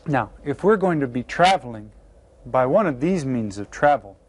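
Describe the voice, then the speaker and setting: A man teaching a beginner language lesson to children, slowly and patiently sounding out each word. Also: mid-range voice, darkish tone. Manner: slow, patient, carefully sounds out words. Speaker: Spanish teacher. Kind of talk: classroom video lesson.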